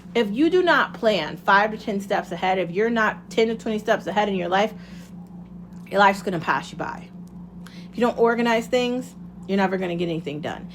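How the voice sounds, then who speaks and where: With a mid-range voice and slight background noise, a woman fronts her own podcast, offering laid-back motivation in a frank, meandering talk full of swearing.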